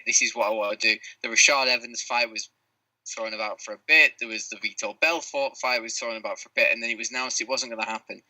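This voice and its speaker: A man's voice: mid-range voice, bright, forceful tone, dry recording, low-quality recording. A man co-hosting a sports podcast, arguing his side bluntly. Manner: firm, blunt opinions. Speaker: podcast co-host. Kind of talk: casual debate.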